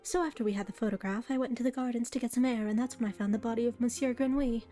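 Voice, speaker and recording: A woman's voice: on the high side, steady tone, rapid-fire, soft background music, voice pushed up, natural voice. Woman doing a sweet noble kitten girl. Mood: sweet, chirpy. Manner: bright, chirpy and polite. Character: young noble girl cat, sweet and naive.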